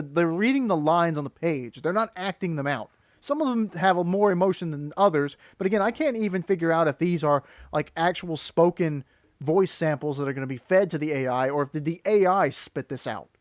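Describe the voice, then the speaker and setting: A man's voice: fairly high pitch, expressive, brisk, no room sound, clean studio sound. A man giving critical, exasperated reaction commentary that rambles and restarts. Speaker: video commentator.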